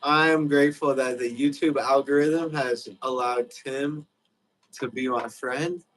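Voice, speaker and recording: A man's voice: mid-range voice, steady tone, a little slow, a bit bright, low-quality recording. A young man hosting a livestream, rambling loosely in casual chat with lots of fillers. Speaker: livestream host.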